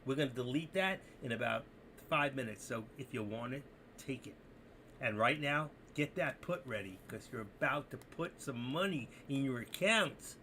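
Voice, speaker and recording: A man runs a live trading stream, his voice swooping up and down with a gravelly edge. He jokes and rambles with his viewers, excited and chatty, over a faint hiss in the background. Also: medium pitch, moderate pace. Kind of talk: casual live-stream commentary.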